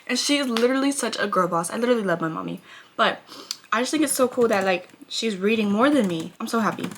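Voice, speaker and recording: A woman's voice: fairly high pitch, sharp tone, slight background noise. A young woman casually rambling about her reading in a chatty vlog, often cutting herself off mid-sentence. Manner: rambling, bubbly, self-interrupting. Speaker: book vlogger. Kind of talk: casual chat. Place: bedroom with bookshelves.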